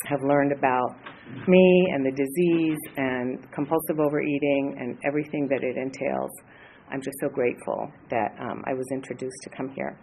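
A woman in her late fifties, from the Los Angeles area, sharing her story at a recovery meeting, hesitant and earnest with many pauses. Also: very deep voice, fairly even intonation, vocal fry, a little mellow, a little hiss or hum, poor audio. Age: 50s. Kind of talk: personal share at a support meeting.

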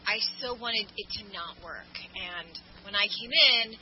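A woman talks through her recovery at a twelve-step meeting, candid and self-mocking. She rambles with plenty of fillers and restarts. The recording is dull and lo-fi, with clear noise underneath. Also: mid-range voice, measured pace. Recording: muffled lo-fi recording with background noise.

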